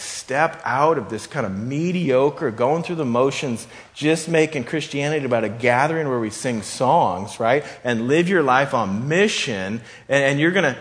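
A man preaching a sermon, reading scripture with rising emphasis and talking conversationally, with repeated phrases and restarts. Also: mid-range voice. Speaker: pastor. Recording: long hall reverb.

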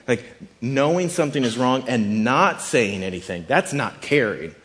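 A man's voice: medium pitch, lively intonation, moderate pace, a bit bright. A man delivers a sermon in an easygoing, conversational style. He slips into quoted voices now and then to make his point, but mostly he just talks to the room. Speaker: pastor.

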